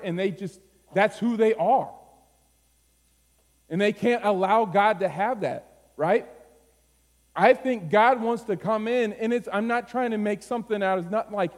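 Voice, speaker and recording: A man preaching a sermon, moving from low, quiet phrases to high, urgent pleading. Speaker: pastor. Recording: long hall reverb.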